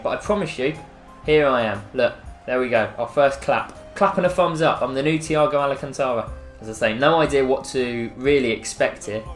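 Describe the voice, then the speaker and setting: English man, gameplay commentary, chatty, self-mocking, echoey room, faint music. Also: medium pitch. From England. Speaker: gaming YouTuber.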